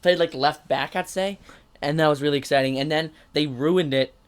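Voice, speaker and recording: A man's voice: fairly high pitch, moderate pace, smooth. A man co-hosting a casual sports podcast, talking in an eager, rambling way about a match. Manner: eager, rambling fan talk. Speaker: podcast co-host.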